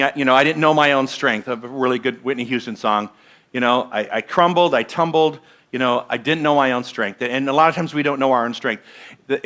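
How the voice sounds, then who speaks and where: Bright-voiced man giving a sermon. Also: mid-range voice. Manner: conversational, asks the congregation questions. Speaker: minister. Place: church sanctuary.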